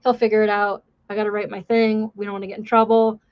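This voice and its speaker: A woman's voice: medium pitch, flat delivery, quick pace, clear, resonant tone, muffled recording. A woman livestream host, a former police officer, chatting casually and a bit profanely, mocking herself and reading out chat messages.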